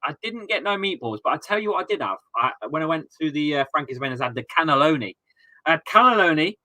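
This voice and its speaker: A man in his thirties rants casually on a football watchalong stream, swearing as he goes. His voice is bright and animated, and it jumps all over the place in pitch. The recording is dry and close. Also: quick pace, no echo. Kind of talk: casual live-stream chat.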